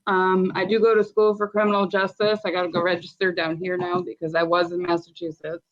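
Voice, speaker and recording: A woman's voice: fairly low pitch, completely flat delivery, a little fast. A young adult woman, a wrestling promotion co-owner, talking bluntly and chattily with lots of fillers in a casual podcast interview. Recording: slightly dull lo-fi sound.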